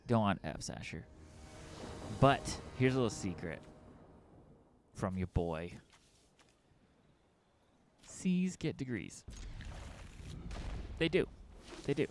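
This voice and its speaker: A man's voice: fairly low pitch, sing-song, measured pace, long pauses, a little hiss or hum. A man streaming a card game, chatting casually with his viewers and muttering through his plays. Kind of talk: casual commentary while playing a card game.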